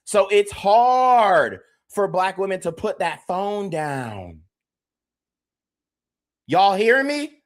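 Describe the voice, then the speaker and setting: A man's voice: high-pitched, very animated, extremely slow, pauses often. Male podcast host, emphatic repetitive ranting to his live chat. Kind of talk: livestream commentary rant.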